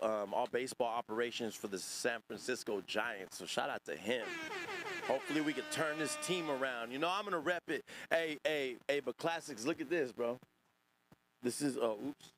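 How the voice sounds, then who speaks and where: Male streamer host, loose and profane, rambling chat-reading delivery, average pitch, faint background noise. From Northern California. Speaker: podcast host. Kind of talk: casual livestream chat reacting to chat.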